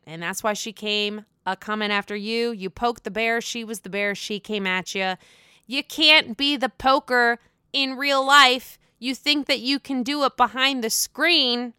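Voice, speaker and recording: Young woman gossip vlogger, sassy and profane, smooth clear voice. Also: a little high, normal speed, no room sound, studio quality. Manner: animated, sassy, swears freely, self-mocking asides. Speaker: vlogger recapping reality TV gossip. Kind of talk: casual gossip chat.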